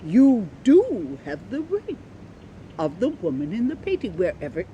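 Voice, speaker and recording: A woman's voice: medium pitch, huge pitch swings, unhurried, mellow, lo-fi sound, a little hiss or hum. A woman playing a hearty red-faced English vicar. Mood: genial.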